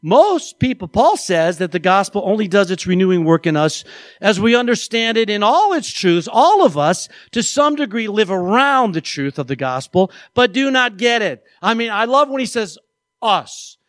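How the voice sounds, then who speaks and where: Guy preaching a sermon, pretty high voice, swings up and down a lot, playful and jokey. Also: moderate pace, no room sound. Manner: animated, playful, acts out quoted voices. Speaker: pastor.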